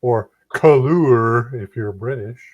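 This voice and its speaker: Man, tabletop player, wisecracking, mid pitch, casual. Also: normal speed, a little mellow, lo-fi sound. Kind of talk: casual tabletop game chat.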